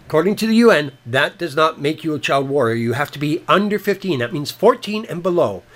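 A man's voice: a little high, animated, brisk, fairly bright tone. A Canadian man co-hosting a podcast, delivering blunt, profane political commentary in a combative tone. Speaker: podcast co-host.

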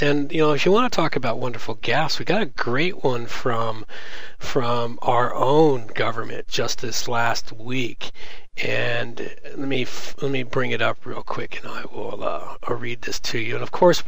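A man's voice: medium pitch, gravelly, a bit bright, no echo, low-quality recording. A man co-hosting a podcast, rambling sarcastically about politicians with many fillers and some swearing. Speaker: podcast co-host. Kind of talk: profane casual chat.

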